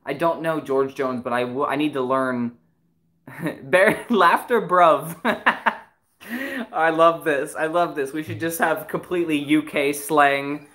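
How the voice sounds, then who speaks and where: Giggly, excitable livestream host. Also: medium pitch, takes it slowly, long pauses. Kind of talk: casual livestream chat.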